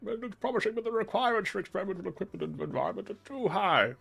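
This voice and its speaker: A man's voice: sits high, sing-song, very fast, vocal fry, fairly bright tone, slightly rough, pitched above the performer's own voice, exaggerated voice. A man voicing a worried male professor who complains in a raised, fretful voice.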